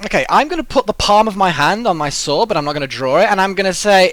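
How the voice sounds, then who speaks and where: Lively male player in character. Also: high-pitched, fast talker, low-quality recording. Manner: polite, formal speech in character. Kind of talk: tabletop role-play.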